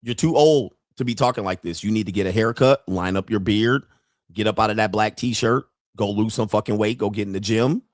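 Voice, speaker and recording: A man hosting a live stream as a dating coach, reacting to clips in a loud, mocking way and jumping into shouted bits. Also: on the low side, a little fast, no echo, clean studio sound.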